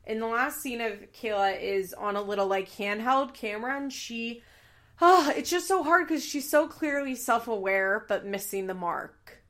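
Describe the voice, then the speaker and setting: A woman's voice: a little high, moderate pace, fairly bright tone. A woman giving a casual, candid recap of a reality TV episode, swearing freely as she talks.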